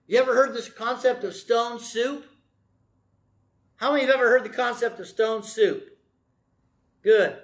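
A man's voice: high-pitched, fairly bright tone. A man pastor preaching a conversational sermon, telling a story with asides and asking the congregation questions.

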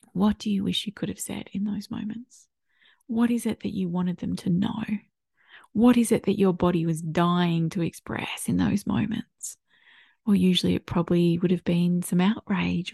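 Gentle gravelly-voiced woman podcaster. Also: mid-range voice, dry recording, studio quality. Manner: gentle, reflective, invites listener to imagine. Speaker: podcast host. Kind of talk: solo podcast talk on parenting.

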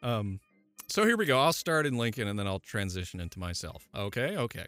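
A man hosting a casual history podcast, chatty and quick to laugh, with plenty of fillers. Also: lowish voice, animated, sharp tone, dry recording, soft background music. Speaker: podcast host.

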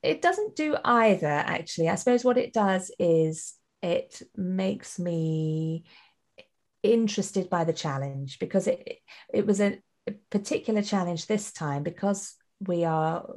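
Low-voiced chatty woman director. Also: a little slow, a little mellow. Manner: chatty, laughs often, trails off and restarts. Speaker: audio drama director. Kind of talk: casual interview chat.

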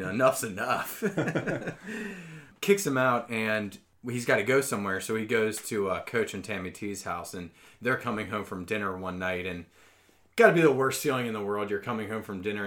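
A man co-hosting a casual podcast, animated and profane, breaking into loud mock voices. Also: fairly low pitch. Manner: animated, swears a lot, shouts mock voices. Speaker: podcast co-host.

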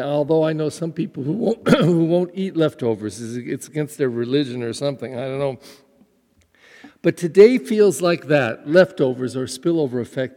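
A man who is a pastor, giving a relaxed, conversational homily with frequent fillers and repeated words. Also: on the high side. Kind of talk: podcast homily. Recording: long hall reverb.

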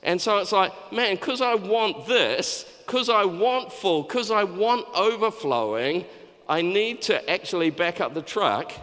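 A man with a high, bright voice preaches a casual, conversational sermon, often stumbling and restarting his sentences. He sounds lively and sharp, and his words echo with a long reverb through a church hall. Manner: conversational, with many restarts and acted-out quotes. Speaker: pastor.

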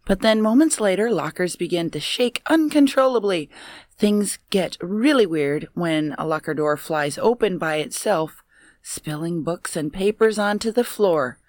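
A woman reads odd news stories aloud as co-host on a comedy podcast. Her pace is unhurried and her pitch moves a lot. The sound is dry and close. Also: expressive, a little mellow, dry recording. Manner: measured story reading, quick to laugh.

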